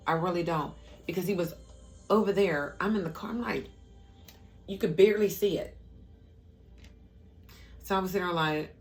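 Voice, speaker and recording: A middle-aged woman vlogger telling a personal story in a casual, animated way, acting out what others said. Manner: animated storyteller, acts out quotes in a higher voice. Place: parked car.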